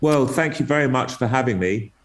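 A man's voice: mid-range voice, fairly quick, a little hiss or hum, poor audio. A man who works as a record producer, a guest in a casual interview, polite as he signs off.

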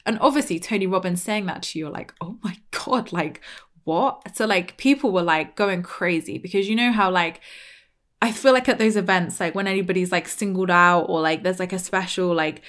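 A woman's voice: fairly low pitch, fairly quick, fairly bright tone. Chatty British woman telling a story. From Britain. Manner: chatty, lots of "like", acts out quoted lines. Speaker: podcast host. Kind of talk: casual storytelling monologue.

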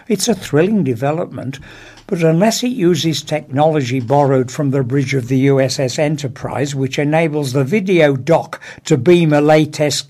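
A man's voice: fairly high pitch, a little mellow. Wry Englishman reading a comic column. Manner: wry, dry comic delivery. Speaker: contributor reading his own column. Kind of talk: reading a humorous first-person column.

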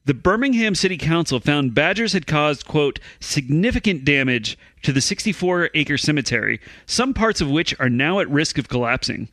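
A man's voice: on the high side, fairly bright tone, no echo. Man reading odd news in a comedic podcast.

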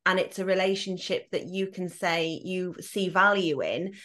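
A woman hosting a podcast interview, summing up her guest's story in a measured, reflective way. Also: lowish voice, fairly bright tone. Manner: measured, thoughtful summarizing. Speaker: podcast host.

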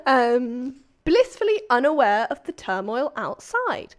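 A woman's voice: high-pitched, sing-song, a little slow. Bubbly woman podcast host. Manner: chatty, playful, breaks off to joke mid-story. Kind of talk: casual chat, reading a listener story aloud.

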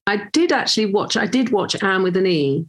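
A woman in her sixties, an actress, chatting in an interview and telling lively anecdotes with many restarts. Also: medium pitch, a little fast. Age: 60s. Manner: lively storyteller, acts out quoted voices, many restarts. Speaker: actress, guest. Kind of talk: casual conversation, anecdotes.

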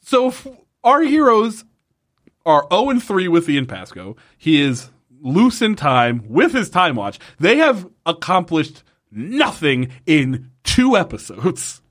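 A man hosting a podcast, casually recapping an episode, animated and swearing as he gets worked up. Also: on the high side, slow. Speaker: podcast host.

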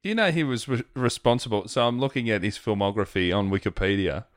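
A man's voice: fairly low pitch, fast, no room sound, clean studio sound. A man co-hosting a comedy podcast, chiming in with quips and facts in casual banter. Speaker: podcast co-host.

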